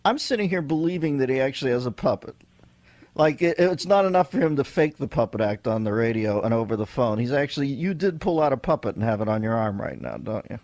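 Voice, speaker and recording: A male radio host trades quick, sarcastic banter with his guest. His voice is lively and expressive, and the studio sound is dry and close. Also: mid-range voice, no echo. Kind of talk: radio talk show.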